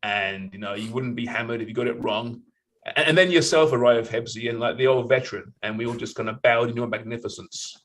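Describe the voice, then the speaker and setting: A man's voice: medium pitch, a little fast, a bit bright, rough recording. A middle-aged man as a podcast guest in casual interview chat, easygoing, laughing and self-deprecating.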